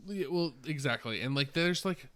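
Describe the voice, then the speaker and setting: A man's voice: fairly high pitch, expressive, moderate pace, a bit bright. A man in his twenties co-hosting a podcast, telling rambling, profane stories full of fillers. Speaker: podcast co-host. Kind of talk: casual podcast chat.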